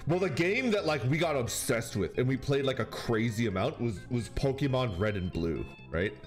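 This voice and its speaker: A man's voice: mid-range voice, lively intonation, moderate pace. A man streaming and chatting casually with viewers, telling a rambling story and laughing often. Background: faint background music.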